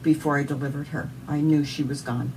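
A woman's voice: low-pitched, steady tone, brisk, darkish tone, far from the mic, a little hiss or hum, low-quality recording. A woman with a Southern US accent sharing an earnest, emotional personal faith testimony as an interview guest.

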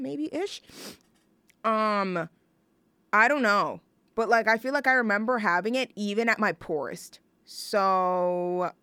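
This is a young woman from New York hosting a show in loose, casual chat. She gushes excitably and leans on slang and filler words. Her voice is smooth and clear, recorded dry with no room sound. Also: medium pitch, dry recording. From New York, USA. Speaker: show host introducing songs.

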